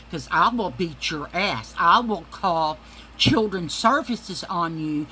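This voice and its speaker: A woman's voice: fairly low pitch, unhurried, pushed and bright, slight background noise, poor audio. A woman ranting to camera in a casual vlog, heated, profane and confrontational. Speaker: vlogger.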